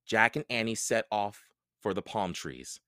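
A man reading a children's book aloud, narrating in a slow, expressive storytelling way. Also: on the low side, no echo, clean studio sound.

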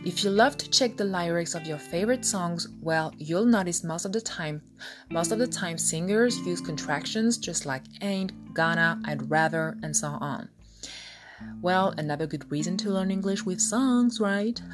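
A young woman from France with a French accent, coaching English pronunciation on her podcast in an upbeat way and repeating example words slowly. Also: lowish voice, music in the background.

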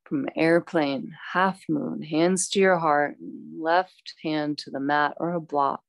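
Woman yoga teacher, slow unhurried cues, gravelly fry, dry close sound. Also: low-pitched, no room sound. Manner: calm, instructive, chatty asides. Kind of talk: cueing a yoga class.

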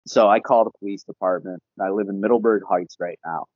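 A young man, a podcast guest, telling a casual story in an animated, profane way and laughing often. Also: on the low side, a little fast, dry recording. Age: young adult. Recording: dull, lo-fi podcast audio.

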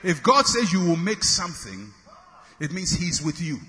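A male preacher with a high, bright, sing-song voice that swings widely leads his congregation in call-and-response at normal speed. His repeated, forceful declarations build to shouts that ring through a reverberant hall, with slight background noise.

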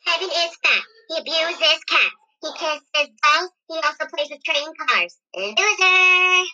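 A man playing a hyper, whiny young boy in a comedy web series, with a sped-up squeaky voice and a rambling, petulant, rapid-fire manner. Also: animated, bright, forceful tone, lo-fi sound, exaggerated voice.

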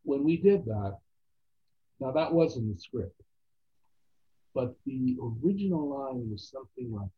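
A man telling stories as an actor guest in a casual interview, animated and quoting other people's voices. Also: medium pitch, a little slow, long pauses, breathy edge. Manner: animated anecdotes with quoted voices. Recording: tinny phone-like line.

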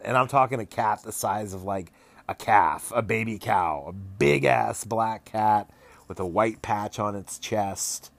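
A man acting as game master, recapping a tabletop session in a casual, animated and profane way, laughing often. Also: on the low side, creaky, dry recording.

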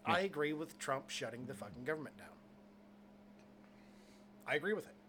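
A young man hosts a loose podcast chat, full of crude jokes and rambling asides. His voice is a little high and bright, almost sharp, with faint room noise behind it. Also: animated, moderate pace. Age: young adult. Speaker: podcast host.

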